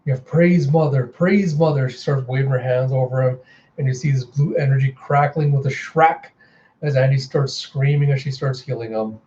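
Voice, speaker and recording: A man's voice: medium pitch, steady tone, normal speed, darkish tone. A man chatting casually as he reads through and reviews a comic book, retelling it animatedly. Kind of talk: casual readthrough narration. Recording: slightly dull home recording with fan hum. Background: fan running.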